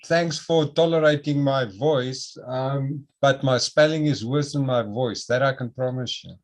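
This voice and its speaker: Slow, self-deprecating man in a class. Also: medium pitch. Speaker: class participant. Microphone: video call.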